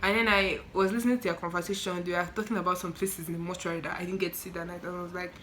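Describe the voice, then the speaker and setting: A nineteen-year-old woman with a Nigerian accent, telling a story in an animated, exclaiming vlog style. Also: fairly low pitch, racing, a little hiss or hum, poor audio. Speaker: student nurse vlogger.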